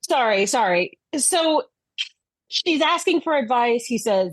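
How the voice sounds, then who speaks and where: A woman's voice: on the high side, animated, slow, no echo. A woman co-hosting a podcast, recapping a show in casual chat with blunt, sarcastic remarks. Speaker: podcast co-host.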